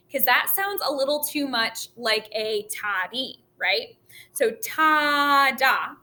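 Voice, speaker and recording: A woman music teacher giving a virtual lesson to children, talking slowly and clearly and chanting rhythms for them to repeat. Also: fairly high pitch, sharp tone.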